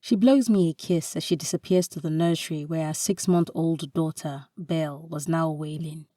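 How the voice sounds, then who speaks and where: A woman reads a romantic story aloud with calm, measured narration. Her voice is low and mellow, and her pace is slow. The recording is dry, with the mic set a little away from her. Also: dry recording, far from the mic. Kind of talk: reading a romantic short story.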